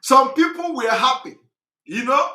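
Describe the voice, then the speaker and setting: A hoarse man, hosting a live address, talking repetitively with laughs and emphasis. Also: extremely high pitch, lively intonation, unhurried, bright, forceful tone, reverberant. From Nigeria. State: hoarse, recovering voice. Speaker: host of a live broadcast.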